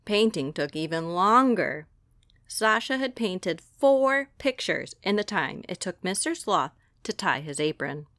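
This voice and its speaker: A woman librarian reading a children's picture book aloud with slow, expressive delivery. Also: lowish voice, dry recording, clean studio sound. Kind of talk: storybook read-aloud.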